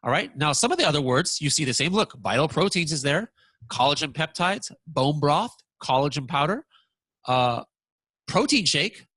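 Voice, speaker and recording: A man presenting a software walkthrough lesson, talking excitedly and stammering when surprised. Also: a little high, normal speed, breathy edge, no room sound.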